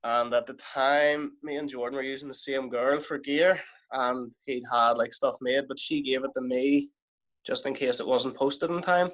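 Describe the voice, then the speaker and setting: A man in a casual podcast chat, telling a story with lively energy. His voice sits at a middle pitch, and he moves quickly from one part of the tale to the next. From Ireland. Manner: animated, lively anecdote telling with quoted exchanges. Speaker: professional wrestler guest.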